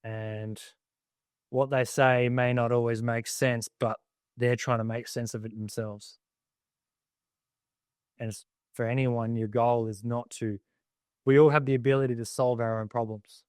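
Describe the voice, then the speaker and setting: A man's voice: medium pitch, flat delivery, measured pace, long pauses, a little mellow, smooth, no room sound, clean studio sound. An Australian man talking as a podcast guest, earnest and reflective, with many loose fillers. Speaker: guest, army veteran. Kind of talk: casual podcast interview.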